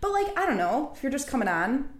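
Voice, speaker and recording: A woman with a Midwestern accent co-hosting a podcast, bantering and teasing with quick jokes. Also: high voice, sing-song, echoey room. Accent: Midwestern American. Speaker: podcast co-host. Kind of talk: casual chat.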